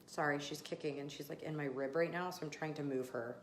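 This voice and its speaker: A woman's voice: low voice, steady tone, fairly quick, slight background noise. A woman podcast host and business coach giving a motivational talk, emphatic and fired up, cursing casually as she urges listeners on. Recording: roomy, echoey room.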